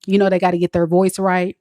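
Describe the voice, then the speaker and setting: Chatty woman tarot reader, teasing, kinda low voice, dry sound. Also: darkish tone, dry recording. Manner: playful, chatty, teasing viewers. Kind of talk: casual tarot reading chat to viewers.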